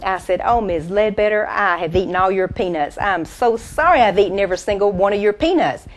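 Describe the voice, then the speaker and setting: A woman doing an impression of a folksy country comedienne, telling homespun jokes in a drawn-out way and laughing at the punchlines. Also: medium pitch, close to an everyday voice. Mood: chatty. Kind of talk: stand-up storytelling impression.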